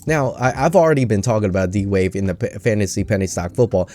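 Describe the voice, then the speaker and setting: A man's voice: on the low side, quick pace, dark tone, soft background music. A man hosting a casual, jokey stock market vlog, rambling with self-mocking asides.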